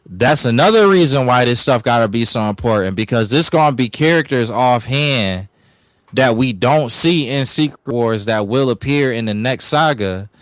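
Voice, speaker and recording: Male podcast co-host, animated and blunt, lively intonation, dry close recording. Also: medium pitch, moderate pace, no echo. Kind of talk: casual podcast chat.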